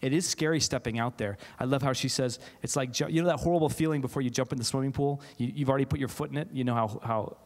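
A man's voice: mid-range voice, quick pace, few pauses. Guy, a theatre prof, talking to a crowd at a conference keynote, laughs a lot, trips over his words. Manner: animated, laughing, with frequent restarts. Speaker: keynote speaker, theatre faculty member. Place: large auditorium, live audience. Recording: auditorium with long reverb.

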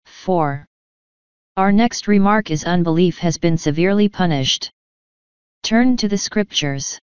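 A woman reading an old sermon aloud in a measured, declamatory manner. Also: on the low side, clear, resonant tone, dry recording. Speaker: sermon reader. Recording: dry, slightly dull lo-fi recording.

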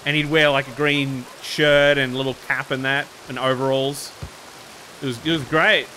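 A male streamer voicing his sheriff character and chatting with viewers, excitable and full of exclamations. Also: medium pitch, normal speed, slight background noise. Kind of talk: in-game role-play and stream commentary.

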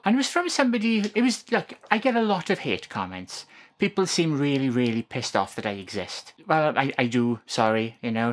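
A woman's voice: rumbling low, pushed and bright. A woman vlogging to camera in a casual, sarcastic way, full of joking asides.

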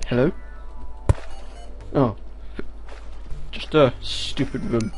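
A man giving casual gameplay commentary on a headset, excitable, breaking into loud exclamations and talking back to enemies on screen. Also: mid-range voice, very slow. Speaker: video game let's player. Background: game music.

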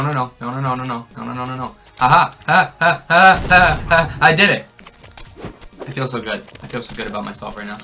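Wired on energy drinks, this young man shouts and cackles at each win and death as he narrates his game for his channel. His pitch is medium, and the sound comes from a desk microphone with a camera close by.

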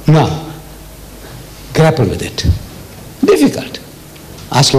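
A man's voice: fairly high pitch, expressive, normal speed, long pauses, darkish tone, rough recording. An older man from South Africa giving a public religious lecture, emphatic and repetitive, with frequent rhetorical questions. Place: lecture hall.

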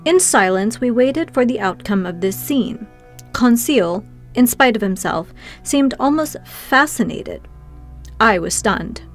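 A woman's voice: fairly high pitch, animated, takes it slowly, faint music behind. Woman narrating a classic audiobook. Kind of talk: first-person scripted narration.

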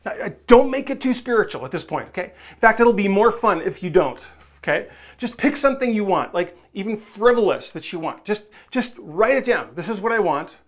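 A pastor preaching a sermon in a relaxed, conversational way, coaxing listeners and acting out the voices they might hear in their heads. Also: mid-range voice, fairly quick. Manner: conversational, coaxing, asks the audience directly; acts out quoted inner voices.

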